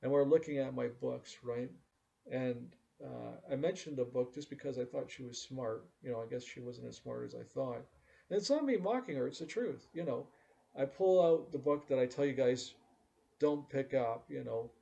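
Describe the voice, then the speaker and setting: Gravelly man rambling to his audience. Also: mid-range voice, moderate pace, warm tone. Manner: confiding, rambling, loses his words. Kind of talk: casual monologue to an audience.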